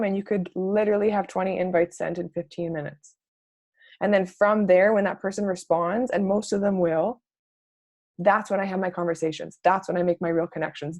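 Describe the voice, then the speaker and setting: A young adult woman giving a casual, upbeat coaching talk, chatty and full of "like", acting out sample messages in a brighter voice. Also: on the low side, steady tone, brisk, no room sound. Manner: peppered with "like" and mild swearing. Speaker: network marketing coach. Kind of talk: casual live training talk.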